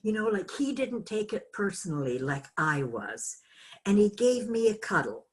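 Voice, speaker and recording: An older woman teaching an online course, telling a personal story in a slow, halting, reflective way with many fillers. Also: mid-range voice, very animated. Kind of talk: personal storytelling in a group call.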